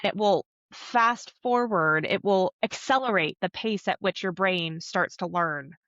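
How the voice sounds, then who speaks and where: A woman somatic coach, a podcast guest, explaining calmly and earnestly in an interview. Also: on the low side, a little slow, no room sound, lo-fi sound. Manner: earnest, coaching, acts out little quoted voices.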